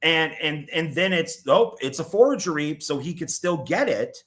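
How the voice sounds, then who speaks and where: A man co-hosting a casual film discussion podcast, talking in rambling runs and acting out characters in quick asides. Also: fairly high pitch, animated, a bit bright. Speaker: co-host.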